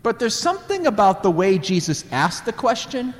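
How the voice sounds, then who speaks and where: A man preaching a sermon in an animated way, acting out dialogue and putting questions to the audience. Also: high voice, normal speed, in a large hall.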